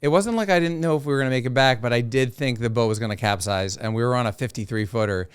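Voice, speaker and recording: A man's voice: mid-range voice, fast, clean tone, no echo, clean studio sound. A man, a professional angler, casually telling stories from the sea as a podcast guest, acting out the people he quotes. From South Florida. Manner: animated storyteller who acts out quoted voices. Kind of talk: casual storytelling.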